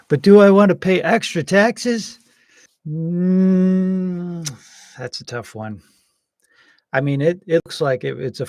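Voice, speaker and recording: Slow, rambling man musing aloud. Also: medium pitch, a little mellow, no room sound, studio quality. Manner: rambling and hesitant, full of pauses; wry and joking. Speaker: political commentator. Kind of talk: casual political commentary.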